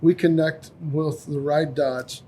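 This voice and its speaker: A man's voice: fairly high pitch, slow pace, a little hiss or hum. A man who heads a company, chatting casually on a podcast and telling a story with acted-out lines from the people in it. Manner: animated storyteller acting out voices. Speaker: company CEO and podcast host.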